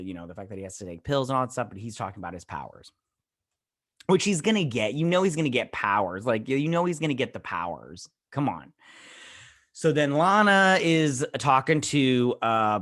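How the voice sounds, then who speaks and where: A man's voice: fairly low pitch, fairly bright tone. A man hosting a TV review show, casually recapping an episode in a rambling way, with blunt and sometimes crude asides. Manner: rambling retelling, acts out characters' lines. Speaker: TV review host.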